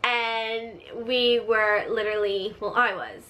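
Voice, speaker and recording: A woman hosting her own storytime vlog, chatty and animated, full of filler words. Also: a little high, slow pace. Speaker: vlogger, channel host. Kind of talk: casual storytime monologue.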